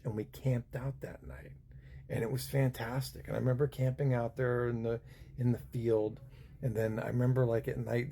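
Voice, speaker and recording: A man's voice: medium pitch, warm tone, slight background noise. A man in his fifties telling a personal story in a casual, rambling way, full of fillers and restarts. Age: 50s. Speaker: vlogger.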